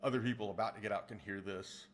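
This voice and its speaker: A man's voice: lowish voice, fairly even intonation, fast talker. A man chatting casually with livestream viewers, rambling and restarting sentences as he answers their comments about his narration work. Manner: rambling, with frequent restarts while answering chat. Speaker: streamer and audiobook narrator.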